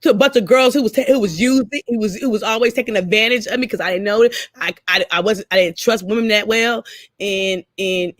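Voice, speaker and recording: A woman's voice: medium pitch, fairly quick, no room sound. Middle-aged woman, casual co-host, blunt and swearing, dry close sound. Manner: candid, swears freely, animated retelling. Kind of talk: casual story chat.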